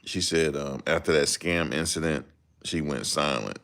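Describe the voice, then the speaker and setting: Very deep, gravelly-voiced man joking around. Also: moderate pace, a bit bright. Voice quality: very deep voice that people ask him to repeat. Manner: joking, laid-back, slips into mocking voices. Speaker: commentator reacting to a livestream. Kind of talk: casual reaction commentary.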